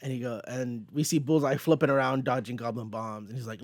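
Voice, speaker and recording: A young man hosting a casual comic book podcast, giggly and animated as he recaps pages and quotes the dialogue. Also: medium pitch, a little fast, hardly any pauses, no room sound, clean studio sound. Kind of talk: casual chat.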